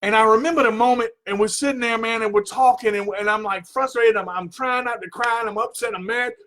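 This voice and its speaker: A man's voice: extremely high pitch, steady tone, fast, a bit bright. A man hosting a talk radio show, telling a personal story in an earnest way, repeating himself and straining his voice when he gets worked up.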